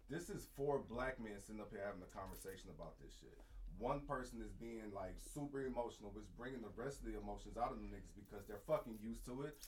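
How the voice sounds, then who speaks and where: A man's voice: on the low side, fast, few pauses, low-quality recording. A young man, a podcast co-host, telling a heartfelt story in casual, profane chat.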